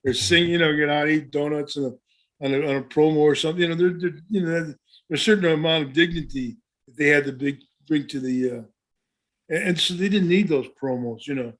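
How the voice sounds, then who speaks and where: A man's voice: on the high side, brisk, fairly bright tone. A man in his seventies, a former wrestler co-hosting a podcast, telling stories in a rambling way with many restarts. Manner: rambling, full of restarts and "you know". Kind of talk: casual storytelling chat.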